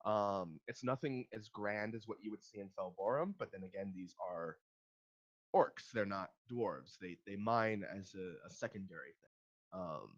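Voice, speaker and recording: A man's voice: lowish voice, moderate pace, highs cut off. A man narrating a tabletop game as game master, hesitant with many ums and restarts.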